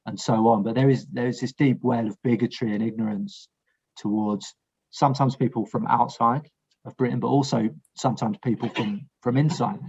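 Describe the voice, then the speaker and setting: Husky-voiced man, blunt and frank. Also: mid-range voice, steady tone, moderate pace, a little mellow, highs cut off. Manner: frank, blunt, swears, restarts sentences. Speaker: war veteran guest. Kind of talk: casual podcast conversation.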